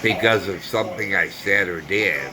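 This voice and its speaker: A man's voice: low voice, moderate pace, poor audio. A man talking through a personal grievance in a vlog monologue, earnest and repetitive, sometimes searching for words. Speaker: vlogger.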